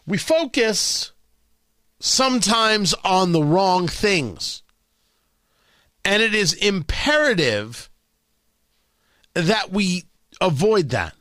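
Lively, bright-voiced combative radio host man. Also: high voice, drawn-out words, pauses often, no echo, studio quality. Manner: combative, sarcastic, emphatic. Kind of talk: opinionated talk radio monologue.

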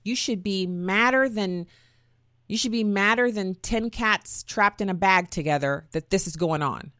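A woman's voice: mid-range voice, a bit bright, no room sound, studio quality. A woman hosting her own talk show, chatty and folksy, often wandering off on tangents. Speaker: podcast host. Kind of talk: casual opinion talk.

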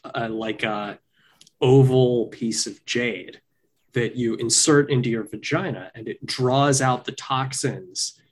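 Podcast cohost guy, husky voice, dry deadpan jokes. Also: medium pitch, slow. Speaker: podcast co-host. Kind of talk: casual chat.

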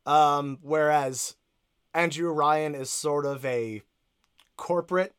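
A man's voice: a little high, takes it slowly, fairly bright tone, clear, resonant tone. A man in casual conversation about a video game, rambling with lots of fillers and asides.

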